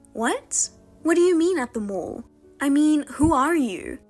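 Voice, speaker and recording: Woman narrator, scripted story reading, high voice, expressive pitch. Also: unhurried, faint music behind.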